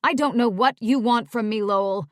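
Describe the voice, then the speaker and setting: A woman voicing a brash, exasperated middle-aged talent agent who scolds loudly. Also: a little high, moderate pace, dry recording, clean studio sound, lightly acted. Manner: loud, scolding.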